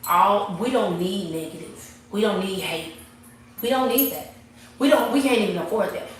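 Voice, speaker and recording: A woman's voice: mid-range voice, normal speed, distant mic, a little hiss or hum. A woman gives an emphatic, preachy motivational talk on a livestream from her barber shop. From Texas. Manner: preachy and emphatic, repeats phrases. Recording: echoey room, off-mic.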